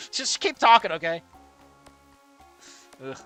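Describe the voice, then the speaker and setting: Sarcastic lively-voiced game commentator. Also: medium pitch, drawn-out words, soft background music. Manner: sarcastic, exasperated, laughs at the writing. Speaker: let's play commentator. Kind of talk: sarcastic playthrough commentary on a visual novel.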